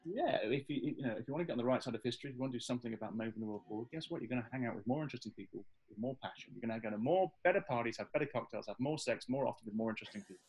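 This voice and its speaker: A man's voice: mid-range voice, rapid-fire, few pauses, a little mellow, low-quality recording. A man with an English Midlands accent, a guest on an interview, talking with enthusiastic, rambling energy and frequent restarts. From English Midlands, Staffordshire. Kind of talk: casual interview chat.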